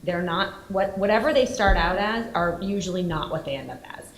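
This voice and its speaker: A woman film producer speaking on a panel, emotional and animated, with bursts of emphasis. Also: lowish voice, a little fast, roomy sound, a little hiss or hum, rough recording. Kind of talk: candid panel discussion.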